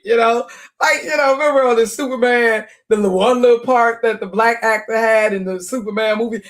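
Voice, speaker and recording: A live streamer reacts to a comedy film with loose, chatty commentary. The host laughs often and gets animated when surprised. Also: mid-range voice, brisk.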